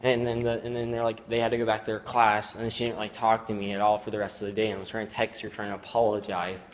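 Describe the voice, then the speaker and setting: A teenage boy telling a vlog story in a downcast, regretful way, rambling and halting with many restarts and fillers. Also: on the low side, level tone, slight background noise. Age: teens. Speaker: vlogger. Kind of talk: confessional personal vlog.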